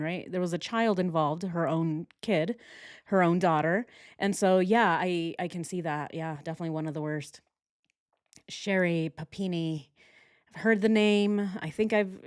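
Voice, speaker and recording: A woman hosts a relaxed reaction stream, chatting to her viewers and laughing easily between thoughts. Her voice sits in a middle range, recorded close and dry with no room around it. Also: medium pitch, no room sound. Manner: chatty, laughs often, reads out viewer comments. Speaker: host. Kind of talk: casual reaction stream chat.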